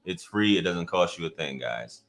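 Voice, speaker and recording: A man's voice: lively intonation, moderate pace, a bit bright, faint music behind. A man hosting a live podcast stream, chatting casually and joking with viewers and his co-host. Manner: loose, joking, talks to the chat, swings up in pitch when surprised.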